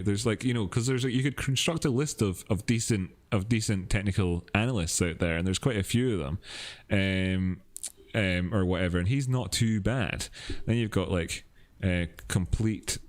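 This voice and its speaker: A male livestream host with a fairly low voice rambles casually through his thoughts. He laughs often and keeps the chat loose and unscripted. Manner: rambling, laughs often, many fillers and restarts.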